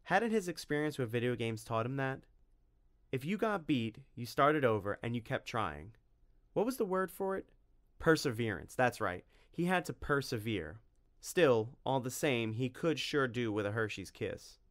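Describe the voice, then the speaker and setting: A man narrating a storybook in an expressive reading voice. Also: mid-range voice, moderate pace. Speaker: audiobook narrator.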